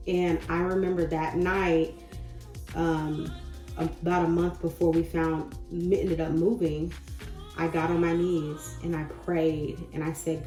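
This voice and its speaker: A woman in her thirties talking casually and encouragingly to camera about faith and change, chatty and goofy, with sudden loud bursts. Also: sits low, level tone, takes it slowly. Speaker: spiritual vlogger. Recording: echoey room with faint music.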